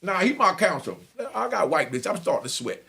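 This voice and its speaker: A middle-aged man telling a story out loud, talking quickly in a high, gravelly voice. His pitch swoops all over as he checks again and again that listeners follow. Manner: animated, keeps asking listeners if they follow. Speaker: storyteller and channel host. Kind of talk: casual spoken storytelling.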